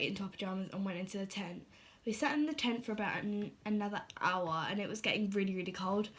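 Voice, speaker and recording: A woman's voice: mid-range voice, fairly bright tone. A teenage girl, telling a storytime vlog in a chatty, filler-heavy way and acting out what people said.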